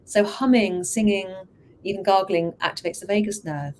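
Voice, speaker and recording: A woman hypnotherapist and vocal coach explaining her methods in a casual, enthusiastic conversation, quoting people with animated voices. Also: medium pitch, normal speed, slight background noise.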